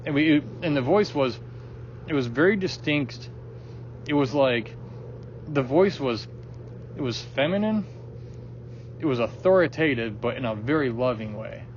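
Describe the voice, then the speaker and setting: A man's voice: medium pitch, expressive, unhurried, long pauses, slight background noise. Rambling man telling a story, lo-fi sound. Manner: loose and rambling, many fillers and restarts, swears freely. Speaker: guest sharing a personal story. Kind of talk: casual conversational storytelling. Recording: dull lo-fi recording.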